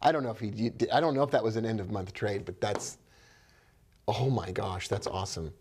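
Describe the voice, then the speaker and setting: A man's voice: on the low side, fairly quick, darkish tone, slight background noise. Man thinking aloud over his trades. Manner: thinks aloud, upbeat exclamations; talks to viewers by name. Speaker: forex trader. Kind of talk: live trading commentary.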